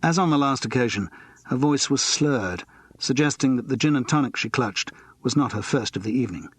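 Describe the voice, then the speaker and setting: Male audiobook narrator, husky, measured, dry studio sound. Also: medium pitch, animated, no room sound. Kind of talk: scripted narration.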